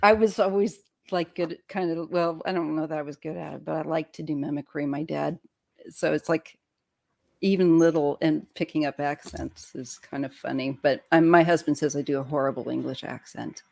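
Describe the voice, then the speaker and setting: A woman's voice: deep voice, steady tone, normal speed, vocal fry, a little mellow. A woman in her fifties hosting a live-stream chat from home, talking casually and restarting her sentences often. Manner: chatty, trailing off and restarting. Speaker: tarot channel host.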